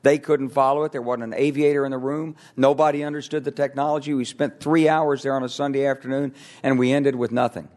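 An older man, a retired military officer, giving a lively anecdotal talk on stage, acting out the voices of people he quotes. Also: medium pitch, brisk, hardly any pauses. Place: stage before an audience.

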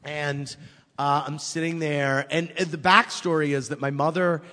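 A man, an author guest, chatting casually and telling animated stories that act out what people said. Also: on the high side, normal speed, long reverb tail. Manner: animated storyteller, acts out quotes. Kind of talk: casual chat.

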